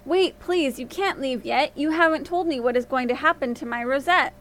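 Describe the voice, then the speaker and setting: A woman's voice: high-pitched, normal speed, a bit bright, a little hiss or hum. A woman voicing a grieving, anxious queen in a fairy-tale reading, pleading and urgent.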